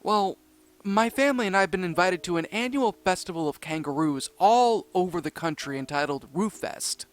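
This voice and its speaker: A man's voice: high voice, animated. A man voicing Austin, an eager young kangaroo. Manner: eager, bubbly, talks in quick bursts. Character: excitable young male kangaroo cartoon character.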